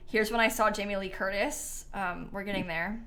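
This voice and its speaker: A woman's voice: medium pitch, steady tone, normal speed, pushed and bright, slight background noise. A woman livestreaming a game, chatting casually with her viewers and laughing often. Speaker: game streamer.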